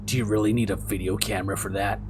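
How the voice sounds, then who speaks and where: A man's voice: steady tone, noisy background, lightly acted. A man voicing a curt, wary old widow. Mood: suspicious. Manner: terse, guarded, low and slow. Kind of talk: voicing game dialogue.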